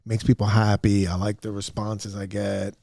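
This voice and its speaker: A man's voice: fairly low pitch, monotone, normal speed, gravelly, mellow, no room sound, studio quality. A man hosting his own podcast, talking alone in a candid, rambling, self-deprecating way with lots of fillers. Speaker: podcast host. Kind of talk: casual solo podcast monologue. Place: upstairs room at home.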